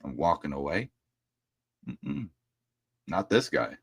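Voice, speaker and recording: A man hosts a casual livestream from home, ranting bluntly and cursing freely. His voice sits low but leaps up and down with a lot of swing. The sound is dry and close, with no room echo. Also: big pitch swings, takes it slowly, creaky, breathy edge. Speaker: livestream host.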